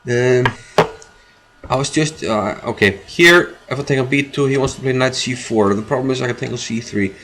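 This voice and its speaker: A man talks through his own chess game live, thinking aloud in a mid-pitched voice. He circles back on phrases and uses plenty of fillers as he weighs his moves. A faint hiss sits under the recording. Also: moderate pace, a bit bright. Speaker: chess streamer.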